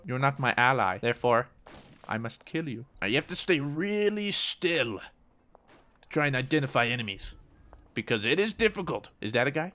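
A man commenting on his own gameplay, switching between mock-serious war narration and excited, jokey outbursts. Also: mid-range voice, moderate pace. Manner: jokey, teasing. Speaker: gaming YouTuber.

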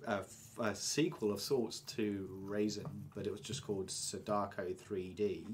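A man's voice: lowish voice, steady tone, a little slow, slight background noise. An English man hosting a casual podcast chat, rambling with lots of fillers. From England. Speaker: podcast host.

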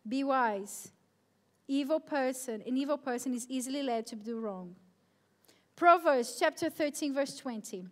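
A woman's voice: high voice, unhurried. A young woman youth pastor preaching a live sermon at a church service, emphatic and repeating her key phrases.

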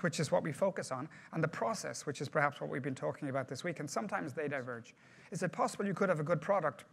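A man's voice: on the high side, fairly bright tone. A man giving a project management workshop to a group, talking conversationally and putting questions to the audience.

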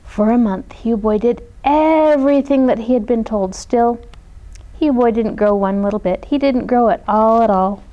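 A woman reading a children's picture book aloud in a gentle, expressive way, putting on voices for the characters. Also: fairly high pitch, normal speed, lo-fi sound. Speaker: storybook reader. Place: community media studio.

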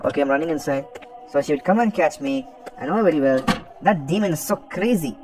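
A man commentating a horror game as he plays, excitable and taunting the monster, with some swearing. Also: fairly high pitch, fast. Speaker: gaming commentator. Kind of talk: let's play commentary.

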